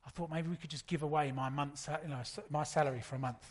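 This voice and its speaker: A man, preaching a sermon in a relaxed, storytelling way. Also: fairly high pitch, fast. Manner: conversational, anecdotal preaching. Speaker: pastor.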